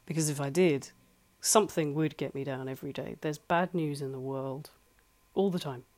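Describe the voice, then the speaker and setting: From a home flat, a life coach talks solo, giving earnest, chatty advice and restating key points to drive them home. The speech moves at an ordinary pace, with a darkish tone and medium pitch.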